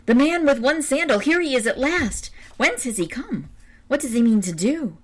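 A woman voicing excited, gossiping townsfolk in a storybook, calling out in a raised voice. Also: on the low side, moderate pace, gravelly. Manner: excited exclaiming.

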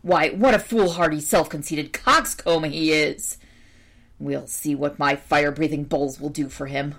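Grumbly scheming old king voiced by a woman, lowish voice, muttering, storybook read-aloud. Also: unhurried, a bit bright, full character voice. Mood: grumbling. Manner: muttering, spiteful.

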